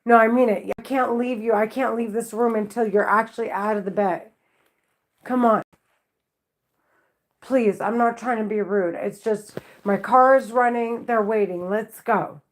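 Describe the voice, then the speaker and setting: A woman's voice: fairly high pitch, steady tone, a little slow. A mother recording herself at home, speaking urgently and repetitively, with frequent swearing. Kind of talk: self-recorded vlog.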